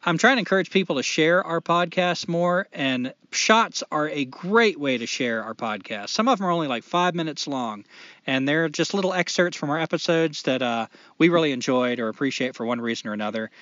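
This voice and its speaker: Profane, animated male podcast host. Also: on the high side, brisk, dry recording. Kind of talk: casual podcast chat. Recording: dull lo-fi podcast audio.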